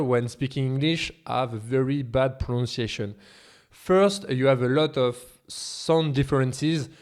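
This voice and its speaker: A native French speaker with a French accent teaches a language lesson in a scripted video, his medium-pitched voice darkish and his pace measured. He delivers it emphatically, posing rhetorical questions.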